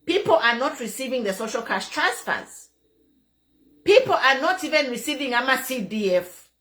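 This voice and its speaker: A middle-aged Zambian online commentator talks politics passionately in a high, sing-song voice that's fairly bright, at a moderate pace. Emphatic throughout, she repeats key phrases and mixes in local language.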